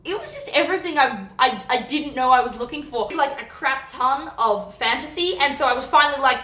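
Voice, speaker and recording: Young woman, bubbly book vlogger: high voice, gushy rants, trips over her own sentences. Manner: animated, gushing and ranting, quick self-interruptions. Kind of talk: casual book review chat. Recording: echoey room.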